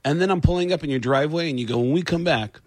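Guy with a husky, lively voice telling comedy stories on the radio, dry sound. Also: fairly high pitch, racing, dry recording. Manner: animated storyteller, acts out voices in his stories. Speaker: comedian guest. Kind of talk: casual radio chat.

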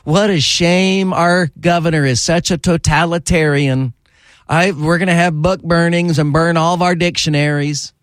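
A man's voice: fairly high pitch, steady tone, normal speed, no echo, studio quality, natural voice. A man on talk radio putting on a whiny, sing-song Southern accent to play a fussy school official. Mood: mocking. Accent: Southern US, put on. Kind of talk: mocking impression on talk radio.

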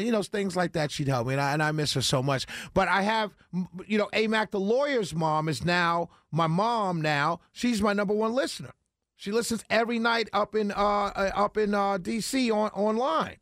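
A man's voice: high-pitched, normal speed, a bit bright, no room sound. A man hosting a talk radio show, talking in an emphatic, rambling way straight to his listeners on a studio mic. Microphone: studio broadcast mic.

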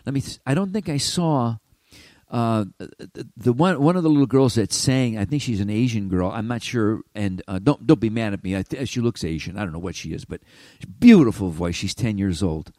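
A man's voice: on the low side, normal speed, dry recording. An older man hosting his own show, telling a long rambling story with lots of restarts and asides. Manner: animated, self-interrupting storyteller. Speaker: podcast host. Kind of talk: rambling monologue.

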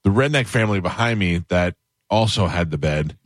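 Low-voiced man telling a comic story. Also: a little fast, no room sound. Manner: animated, acts out other people's shouting in a higher voice. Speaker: radio show host. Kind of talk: comic storytelling on talk radio.

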